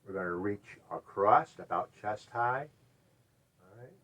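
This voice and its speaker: A middle-aged man with a fairly low voice talks a class through gentle chair yoga. He cues each stretch and breath in an easygoing way. His words often drop to a soft, quiet murmur between instructions. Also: unhurried. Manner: gentle, relaxed cueing with frequent quiet "all right"s.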